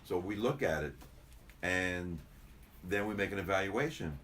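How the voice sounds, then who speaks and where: A man's voice: low voice, a little slow, a bit bright, a little hiss or hum. An older man, a chiropractor, chatting casually in an interview, rambling and repeating himself as he tells stories. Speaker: chiropractor guest.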